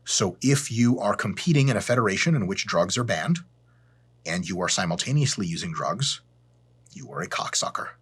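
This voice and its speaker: A man hosting his fitness channel, giving a blunt, profane, joking educational rant with deadpan asides. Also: on the low side, moderate pace, breathy edge. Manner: sarcastic and blunt, swears freely.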